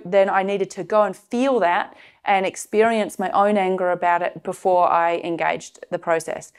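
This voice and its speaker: Woman, middle-aged, lowish voice, earnest, confessional, fillers and restarts. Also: clear, resonant tone. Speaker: course presenter sharing a personal case study. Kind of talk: personal teaching talk.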